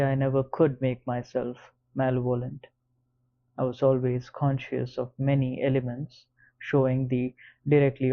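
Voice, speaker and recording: A man reading an audiobook in the first person, with a measured, even delivery. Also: mid-range voice. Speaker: audiobook narrator. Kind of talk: scripted audiobook narration. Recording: slightly dull lo-fi recording.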